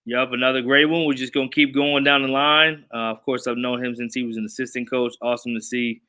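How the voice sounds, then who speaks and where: Man, podcast host, quick talker, crisp bright voice, friendly casual chat. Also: medium pitch, little pitch movement. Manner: friendly, says "man" often.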